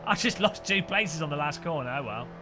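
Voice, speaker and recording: Over the roar of race cars, a man from the English Midlands jokes and talks on his live stream. His pitch is fairly high, and he sounds animated and fairly quick.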